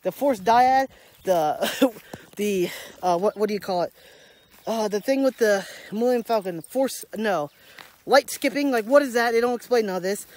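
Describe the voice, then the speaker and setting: A young adult vlogger talks into a handheld camera while walking outside on a rural property, a little out of breath. The delivery rambles and chuckles, keeps losing track of names and circles back to the same complaints. The voice sits at an ordinary middle pitch. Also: moderate pace, darkish tone. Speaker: daily vlogger. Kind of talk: casual rambling movie review.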